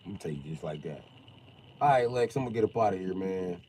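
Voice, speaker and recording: A man voicing a smug male superhero who talks in a low, cool, mocking way. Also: animated, fast talker, noisy background.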